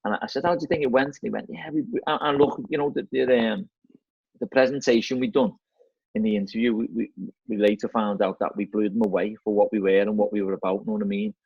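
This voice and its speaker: A middle-aged Scouse man who manages football sits in on a casual chat as a guest, telling stories chattily, repeating words and saying "mate" and "you know what I mean". He talks fast in a fairly low, steady, gravelly voice with a darkish tone and a breathy edge. The recording is dry, lo-fi, and slightly dull.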